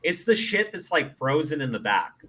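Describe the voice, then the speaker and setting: Profane, animated man ranting on a commentary show. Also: fairly high pitch, moderate pace. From Middle East. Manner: profane, animated, laughs often, stammers on restarts. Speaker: commentary host. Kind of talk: casual commentary chat.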